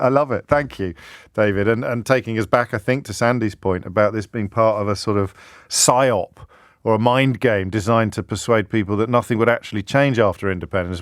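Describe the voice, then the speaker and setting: English radio host musing aloud. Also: male voice, lowish voice, dry recording, clean studio sound. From England. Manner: musing aloud, restarts and self-corrections. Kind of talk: live radio phone-in chat. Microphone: studio microphone.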